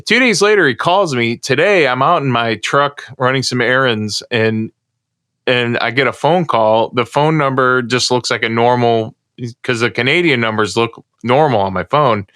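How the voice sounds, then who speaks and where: A man's voice: mid-range voice, moderate pace, bright, forceful tone, clean tone, no echo, clean studio sound. A middle-aged man from the United States, co-hosting a podcast in casual chat and telling a long, rambling story. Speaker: podcast co-host.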